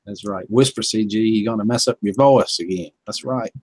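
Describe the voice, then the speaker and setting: A man's voice: fairly low pitch, moderate pace, darkish tone, husky. Folksy man hosting a livestream. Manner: chuckling, folksy, greets chat viewers by name. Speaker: livestream host. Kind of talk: casual livestream chat. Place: home.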